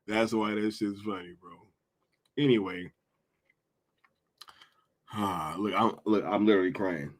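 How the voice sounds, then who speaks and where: A man's voice: medium pitch, pushed and bright. Laid-back slangy man on a livestream. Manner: laughs often, slangy, reads out chat. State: hungry after a long day. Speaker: livestream host. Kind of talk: casual livestream chat.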